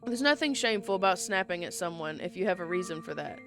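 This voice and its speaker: A woman reading a calm, coaxing inner voice. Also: fairly low pitch, quick pace, faint music behind. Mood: reassuring.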